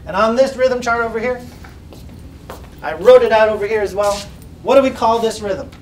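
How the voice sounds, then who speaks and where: A man with a fairly high voice teaches a children's music class, patiently guiding the kids and chanting rhythms for them to repeat back. He speaks at a normal speed, recorded from far off in an echoey classroom with slight background noise.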